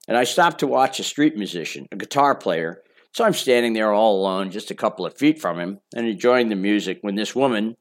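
An older man reading his memoir aloud in a casual, boastful storytelling manner with chatty asides. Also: on the low side. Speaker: memoir narrator.

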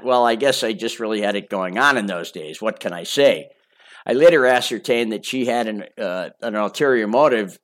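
Brief: older male memoir reader, mid-pitched, casual and chatty, a bit boastful. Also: fairly bright tone. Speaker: memoir author. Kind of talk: memoir audiobook narration.

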